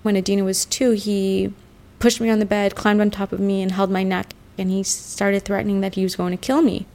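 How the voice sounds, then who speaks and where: A woman in her thirties, an interviewee telling her own story in slow, halting testimony with long pauses. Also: mid-range voice, little pitch movement, darkish tone. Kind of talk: personal testimony. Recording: faint music beneath.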